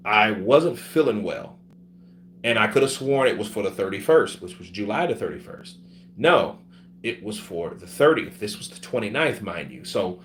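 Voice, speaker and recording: A sick man casually telling a profane, animated story about his travels, acting out the other people's voices as he goes. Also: on the low side, a little hiss or hum. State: sick with covid.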